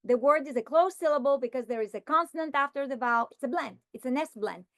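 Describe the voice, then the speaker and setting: A woman training teachers by modeling a phonics lesson, sounding out syllables and words slowly and deliberately. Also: high-pitched, a bit bright, dry recording, studio quality.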